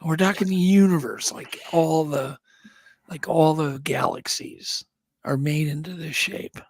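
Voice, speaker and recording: A man's voice: fairly high pitch, measured pace, no echo. A man co-hosting a podcast, running through news items in a chatty, rambling way with frequent restarts. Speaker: podcast co-host. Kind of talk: casual chat.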